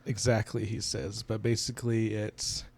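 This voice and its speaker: A man's voice: fairly low pitch, level tone, normal speed, creaky, a little mellow. A man co-hosting a book podcast, retelling the plot at length in casual chat. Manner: retells the plot at length, acting out characters' lines.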